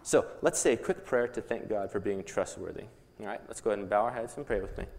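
A man leading a children's Bible lesson, playful and animated, coaxing the audience to join in. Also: fairly low pitch, fast talker, creaky. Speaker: children's Bible program leader. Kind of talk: lively kids' Bible lesson with skit. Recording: echoey hall.

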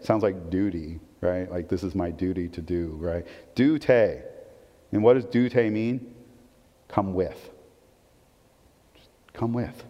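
A male pastor preaching a sermon in a conversational, animated way, swinging between loud emphatic lines and quiet asides, and asking the audience questions. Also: lowish voice. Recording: dull, long-reverb hall recording.

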